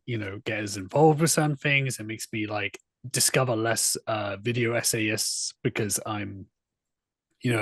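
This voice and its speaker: A man's voice: mid-range voice, dry recording. Man, podcast co-host, hesitant, reflective, dry recording. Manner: thoughtful, hesitant, with many ums. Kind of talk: casual reflective chat.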